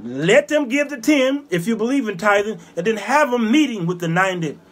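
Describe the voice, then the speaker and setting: Very high-voiced man ranting fiercely. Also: lively intonation, fairly quick. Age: 50s. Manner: fiery, scolding, preachy, bursts of shouting; repetitive hammering phrases. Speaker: show host. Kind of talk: ranting monologue.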